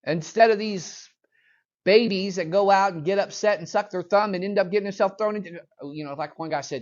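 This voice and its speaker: A man's voice: high voice, brisk, dull audio. A man teaching a Bible lesson in a conversational, emphatic way, mixing scripture reading with casual asides.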